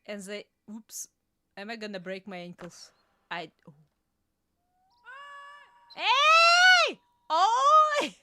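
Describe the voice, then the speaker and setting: A young woman streaming a game, chatting casually, laughing often and yelping and shouting at what happens on screen. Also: medium pitch, fairly even intonation, normal speed. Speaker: VTuber streamer. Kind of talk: casual gameplay commentary.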